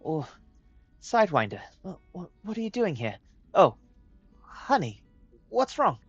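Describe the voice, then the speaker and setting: Anxious, tender dragon mother, voiced by a man; higher pitch, halting. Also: very animated, husky, no room sound, highs cut off, faint music behind, heavily acted. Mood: worried. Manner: stammering, soothing. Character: worried dragon mother, gentle then fearful.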